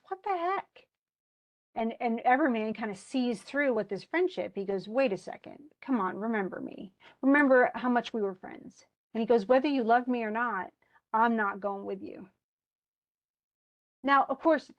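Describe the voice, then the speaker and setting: A woman giving a lively classroom lecture, acting out characters' lines as she explains them. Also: on the high side, dull audio. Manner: animated, acts out characters' lines in quotes. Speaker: literature lecturer.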